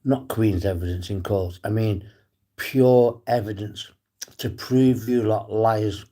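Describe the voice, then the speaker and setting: A man's voice: on the low side, takes it slowly, warm tone. Defiant man ranting on a livestream. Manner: defiant, swears often, addresses viewers by name. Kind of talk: rambling live stream monologue.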